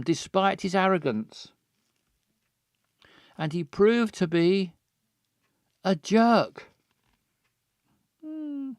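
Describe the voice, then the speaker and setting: A man's voice: high voice, no room sound, studio quality, voice pushed up, full character voice. A man doing a jilted, furious young woman. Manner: melodramatic, repeats words insistently. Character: jilted angry young woman, sulky and dramatic. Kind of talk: reading game dialogue aloud.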